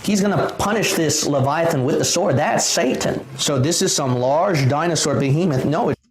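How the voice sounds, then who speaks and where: Male preacher, emphatic and explanatory, fairly high voice, echoey noisy recording. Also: moderate pace. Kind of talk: Bible teaching lecture. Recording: echoey room with background noise.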